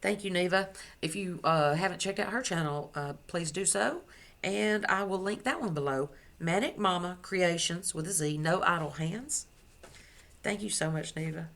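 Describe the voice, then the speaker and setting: Woman, crochet vlogger, lower voice, chatty, gushing, self-correcting, casual home video. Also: moderate pace, gravelly, a bit bright, slight background noise. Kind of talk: casual chat to camera. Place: at home indoors.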